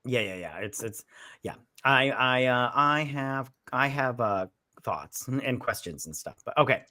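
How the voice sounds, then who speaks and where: A man's voice: mid-range voice, expressive, a little slow, sharp tone, no room sound, studio quality. A man co-hosting a casual movie review chat, rambling and retelling scenes with a lot of "he's like.". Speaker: movie review podcast co-host.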